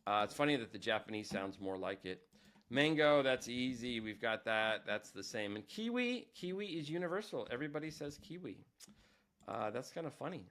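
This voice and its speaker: A man's voice: mid-range voice, fairly bright tone. Chatty man giving a teaching tip. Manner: chatty, self-deprecating, thinks aloud. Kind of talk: screen-recorded tutorial.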